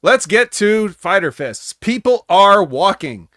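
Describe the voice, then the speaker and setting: Guy co-hosting a wrestling show, kinda high voice, rambles and cracks sarcastic jokes. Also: big pitch swings, takes it slowly, fairly bright tone, no room sound, studio quality. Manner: rambling, sarcastic, jokey asides. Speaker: podcast co-host. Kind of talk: casual wrestling recap chat.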